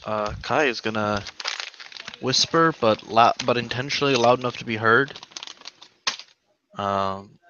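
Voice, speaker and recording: A man's voice: mid-range voice, unhurried, pauses often, muffled recording, noisy background. A man speaking as a player in a tabletop game, casual and thinking aloud.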